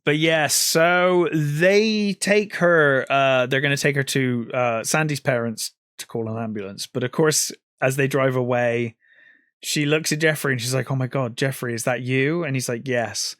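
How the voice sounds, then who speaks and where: A man in a casual podcast chat, walking through a movie scene by scene and slipping into the characters' lines. His voice sits in a middling register and is recorded close and dry, with no room around it. He fills pauses with frequent ums. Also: mid-range voice, a bit bright, clear, resonant tone, dry recording. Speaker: podcast co-host. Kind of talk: casual film discussion.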